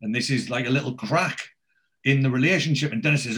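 A man's voice: medium pitch, quick pace, a bit bright. A man in casual chat, retelling a TV episode scene by scene and lightly acting out the characters' lines.

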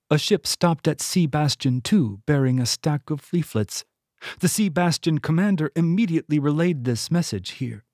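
A man's voice: mid-range voice, no echo. Man narrating an audiobook, dry sound. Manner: steady, even storytelling. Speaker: author reading his own novel.

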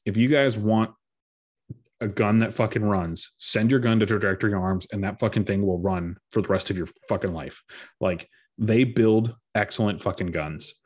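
A man co-hosting a podcast, telling stories in casual chat with heavy swearing and an animated delivery. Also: lowish voice, moderate pace. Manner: animated storytelling, heavy swearing, frequent laughs. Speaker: podcast co-host.

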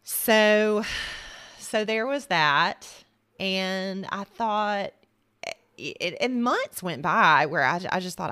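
A woman's voice: medium pitch, expressive, takes it slowly, pushed and bright, clean tone, no room sound. A woman guest on a faith podcast, telling a personal story in a chatty way with many restarts. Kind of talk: casual faith conversation.

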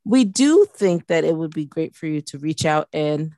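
A middle-aged woman with a low voice talks through a casual podcast chat, full of ums and likes. The sound is close and dry, with no room around it. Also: moderate pace, no room sound. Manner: chatty, full of fillers, animated when joking. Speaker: podcast co-host.

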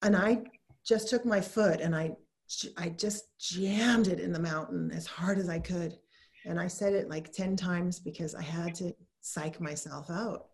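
A woman's voice: on the low side, gravelly, darkish tone. A middle-aged woman in casual conversation, telling a story and acting out her own thoughts in quoted lines.

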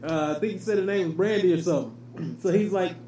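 A man's voice: high voice, fast talker, warm tone. A man telling stories in casual, profane chat, laughing often. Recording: echoey room, faint noise.

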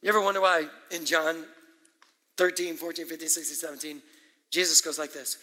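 A man preaching a sermon as pastor, animated and emphatic, with asides and quick laughs. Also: fairly high pitch. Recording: echoey hall with long reverb.

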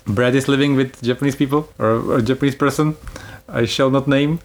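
A man's voice: mid-range voice, steady tone, a little fast. A man hosting a casual travel podcast, explaining things in a chatty way and laughing easily. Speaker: podcast host.

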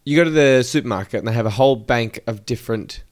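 A man's voice: mid-range voice, fast. A young adult man with an Australian accent, co-hosting a podcast and telling rambling, playful stories in casual chat. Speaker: podcast co-host.

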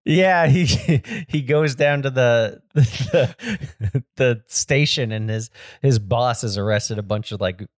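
A man's voice: mid-range voice, takes it slowly, no echo, studio quality. A man co-hosting a podcast, chatting casually about a movie with a blunt, crude manner and frequent laughter. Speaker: podcast co-host. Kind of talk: casual movie-review chat.

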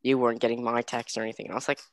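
A man's voice: mid-range voice, rapid-fire, no room sound. A young man chatting casually, telling a story and acting out quotes with lots of fillers. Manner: animated, acts out quotes, many fillers.

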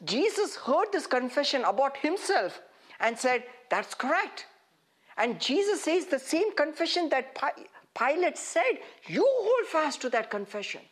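A woman preaching a sermon in an animated way, laughing often and acting out quoted speech. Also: sits high, measured pace. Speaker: pastor.

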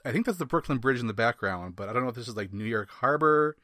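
A man's voice: medium pitch, lively intonation, quick pace, sharp tone, no room sound, studio quality. A man from Wisconsin hosting a casual comic book review podcast, wry and given to rambling asides and laughs. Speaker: podcast host.

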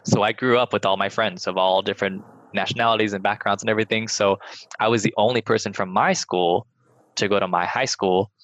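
A man's voice: lowish voice, steady tone, fairly quick, a bit bright, dry recording. A young man, a podcast guest, telling personal stories candidly and swearing casually. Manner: frank, casual swearing, lots of "like". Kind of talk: candid storytelling. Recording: slightly muffled, dry.

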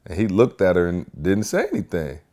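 A man hosting a casual podcast, telling a family story with lively energy and acting out what people said. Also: low-pitched, brisk. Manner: animated storyteller, acts out quotes. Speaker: podcast host.

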